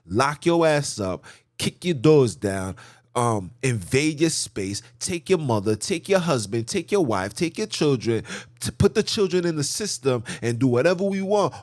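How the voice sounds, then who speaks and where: A man delivers fired-up political commentary with a fairly high voice that swings widely in pitch. He preaches, repeats his points for effect and slips into mocking asides. The sound is close and dry. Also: a little mellow, no room sound. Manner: preachy, repetitive, rhetorical. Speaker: channel host.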